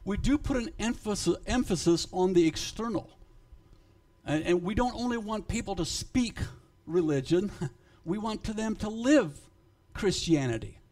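A man preaching a sermon to his congregation, emphatic and swinging in loudness, halting and repeating words when he speaks off the cuff. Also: high voice, animated. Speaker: pastor.

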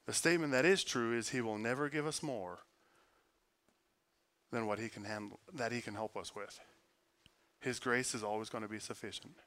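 A man preaching a sermon, earnest, moving between forceful emphasis and quiet, hushed prayer. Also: mid-range voice, normal speed, long pauses. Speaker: pastor.

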